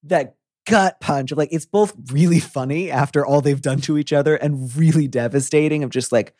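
A young adult man hosting a podcast, chatting in an effusive, animated way. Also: on the high side, normal speed, dry recording, studio quality. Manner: animated, effusive, breaks into quoted voices. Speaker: podcast host. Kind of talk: casual conversational chat.

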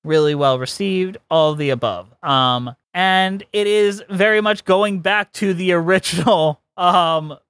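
Animated, opinionated man, dry sound. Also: high-pitched, unhurried, few pauses, smooth, no room sound. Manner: opinionated, animated, laughs often. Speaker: podcast co-host. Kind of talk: casual chat.

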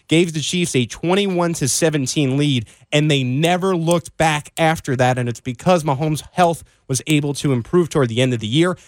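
A man hosting a sports talk show, measured as he sums up the game and takes listener calls. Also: a little high, dry recording, clean studio sound. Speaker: host.

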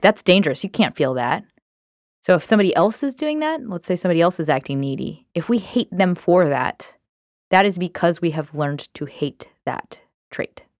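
A woman's voice: sits low, clear, resonant tone, dry recording, studio quality. A woman hosting a self-help podcast, talking in a candid, reflective way with many fillers. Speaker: podcast host. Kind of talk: casual self-help talk.

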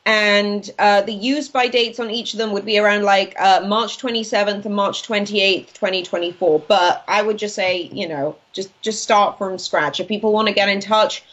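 A woman in her late twenties from Wales, a guest writer chatting casually and brightly in an interview, quick to laugh. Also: mid-range voice, steady tone, highs cut off. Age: 20s. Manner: bubbly, chatty, laughs easily. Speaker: news and commentary writer, guest.

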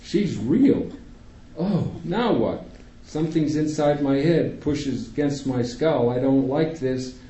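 A man narrating a first-person audiobook in a measured, tense reading. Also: mid-range voice, lively intonation, dark tone. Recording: roomy, slightly dull recording.

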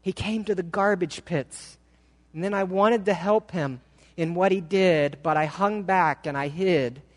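A man preaching in a church, telling a story slowly and with feeling. His voice sits fairly high for a man, and each phrase is drawn out with deliberate pauses. A long hall reverb hangs on every word. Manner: dramatic, slow, emotive reading. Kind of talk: sermon storytelling. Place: church sanctuary.

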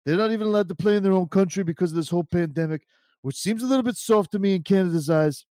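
A swaggering wrestler persona with a high, gravelly growl, as a man puts it on. He trash-talks in punchy, boastful bursts. The sound is dark and close, with no room around it. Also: quick pace, dry recording, close to an everyday voice. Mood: scornful. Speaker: guest. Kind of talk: fan pep talk in wrestling persona.

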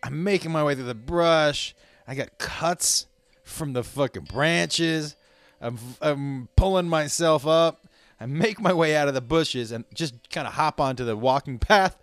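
A man telling a rambling, profane story to his listeners in a casual way, with sudden loud outbursts. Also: fairly high pitch, no echo.

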